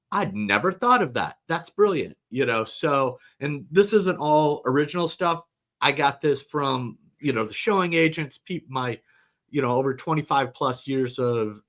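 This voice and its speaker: A middle-aged man, a company founder, talking casually as a webinar guest, relaxed and rambling with restarts. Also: mid-range voice, normal speed.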